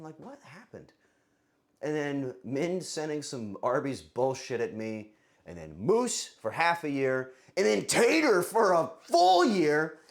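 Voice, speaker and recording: A man hosting a casual livestream, joking and swearing as he thanks viewers for subscriptions. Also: mid-range voice. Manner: profane, joking, thanks chat for subs. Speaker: livestream host.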